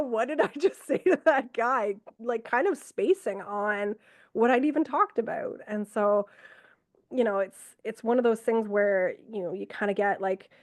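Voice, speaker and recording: Woman, middle-aged, ER nurse, from Canada, casual storytelling, quotes people, medium pitch, dry room. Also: no echo. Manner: animated, quotes herself and others, frequent fillers. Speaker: ER nurse, podcast guest. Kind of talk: conversational storytelling.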